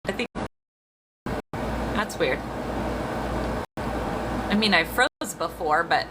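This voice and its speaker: A woman's voice: fairly low pitch, animated, extremely slow, heavy background noise. A woman talking casually on a phone livestream as a medium, chatty and laughing often, stopping to fix her phone. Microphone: phone on a tripod.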